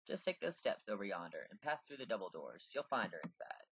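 A man's voice: sing-song, fairly quick, a bit bright, husky, no room sound, lo-fi sound, exaggerated voice. A man voicing a brusque British woman guide in a fantasy game, raising his voice so it sounds almost feminine. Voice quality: raised, almost feminine pitch.

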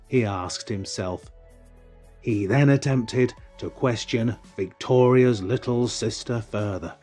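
A man reading an audiobook in the first person, slow and wistful. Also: mid-range voice, a little mellow, soft background music. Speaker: audiobook narrator. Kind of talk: first-person storybook narration.

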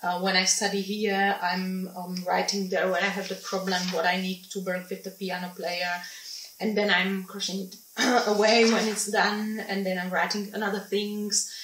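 A woman's voice: medium pitch, little pitch movement, fairly bright tone, a little hiss or hum. Woman with a distant, roomy sound. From Slovakia. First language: Slovak. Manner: halting, many ums and restarts, non-native phrasing. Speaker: singing teacher. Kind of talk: informal teaching talk.

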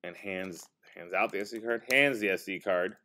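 A male teacher casually demonstrating software to a high school class, talking as he types and correcting himself along the way. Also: normal speed. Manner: casual, talks while typing, self-correcting.

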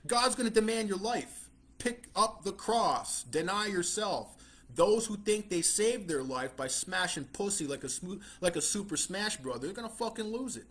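Man, high-pitched, swaggering gangster-style preacher, swearing, scornful, blunt. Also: animated, normal speed, a bit bright. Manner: swaggering mobster tough-guy talk, heavy swearing; scornful, blunt, chuckles between lines. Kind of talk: profane street-style sermon.

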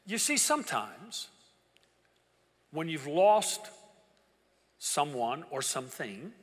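An older man preaching a sermon as pastor, telling a personal story and swinging from hushed to loud. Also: on the high side, big pitch swings, slow. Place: large church auditorium. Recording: reverberant church hall with congregation.

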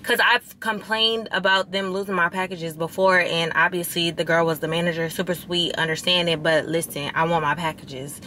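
A woman's voice: on the low side, moderate pace, few pauses, a little hiss or hum. A young woman vlogger, talking casually to her viewers while venting and chatting. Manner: chatty, venting, expressive, addresses viewers as y'all. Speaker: lifestyle vlogger. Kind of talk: casual vlog talk to camera.

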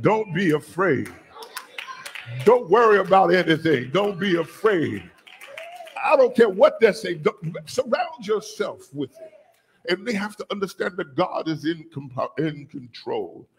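A man preaching a sermon as bishop, calling on the congregation to repeat after him and rising to shouts. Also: on the high side. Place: church sanctuary.

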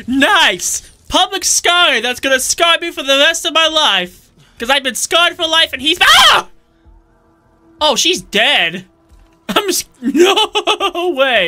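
A man giving jokey, excitable commentary while playing a video game, often shouting his reactions. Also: very high voice. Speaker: let's play host. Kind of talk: gameplay commentary.

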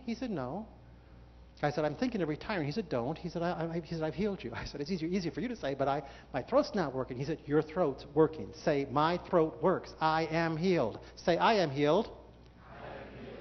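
A man's voice: fairly high pitch, slight background noise. Older male preacher in a reverberant hall. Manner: animated, acts out dialogues with God. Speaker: guest preacher. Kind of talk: sermon. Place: church hall. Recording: dull lo-fi sound with long hall reverb.

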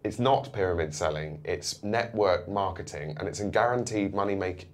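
An actor playing a carefree, excitable young man, boastful and easily carried away. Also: lowish voice, moderate pace, lightly acted. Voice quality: lively, boastful. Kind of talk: sitcom acting.

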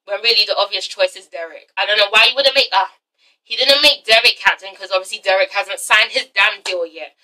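A woman's voice: medium pitch, brisk, bright, forceful tone, distant mic, rough recording. A woman doing a casual vlog recap of a TV episode, sassy and swearing freely as she talks straight to her viewers. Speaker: TV episode reviewer.

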